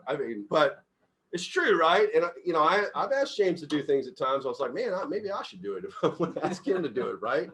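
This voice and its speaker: Animated, laughing middle-aged man. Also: a little high, a little fast. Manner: animated storyteller, laughs often, acts out quotes loudly. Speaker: company CEO leading a book discussion. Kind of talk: casual group book discussion.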